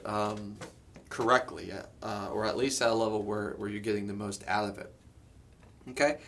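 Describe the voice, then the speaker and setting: Drum teacher, male, average pitch; casual explainer, lots of "um" and "okay?". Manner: relaxed, explanatory, many fillers and "okay?" check-ins. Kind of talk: instructional lesson.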